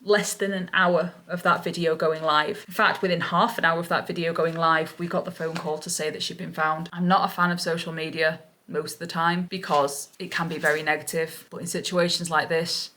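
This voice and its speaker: A lower-voiced woman vlogger speaks with raw relief. She gushes and circles back to the same words again and again. She sounds emotional throughout. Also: flat delivery, fairly quick, hardly any pauses, pushed and bright, slight background noise. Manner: gushing, repeats herself over and over. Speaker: parrot-keeping vlogger. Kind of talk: emotional vlog retelling.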